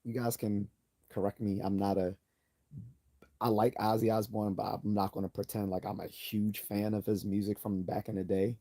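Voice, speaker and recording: Low, mellow-voiced man rambling on a livestream. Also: flat delivery, moderate pace. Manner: rambling, self-correcting, reads chat comments aloud. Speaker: livestream host. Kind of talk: casual livestream chat.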